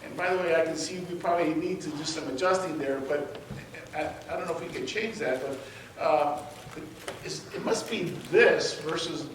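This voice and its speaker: A man teaching a church Bible class. He tells personal stories in an animated way, stammers and restarts, laughs as he talks, and drops his voice low for effect. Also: moderate pace, a little hiss or hum. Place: church sanctuary. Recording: roomy church sound picked up from a distance.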